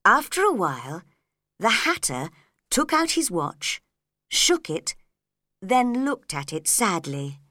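A woman narrating a storybook in a slow, clear and expressive way. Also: medium pitch, no echo, clean studio sound.

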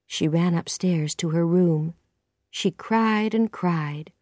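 A woman narrating a simple storybook in a clear, slow, careful way. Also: fairly low pitch, a little mellow, no echo, clean studio sound. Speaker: audiobook narrator. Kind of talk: scripted narration of a simple reader.

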